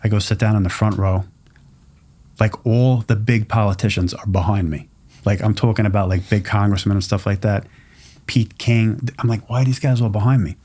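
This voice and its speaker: A middle-aged man from Long Island tells stories in a low, easy voice, jumping into the voices of the people in them. He talks like a proud pizzeria owner chatting on a podcast, animated and warm in his telling. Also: moderate pace. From Long Island, New York. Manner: animated, acts out quoted people. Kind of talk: casual storytelling chat.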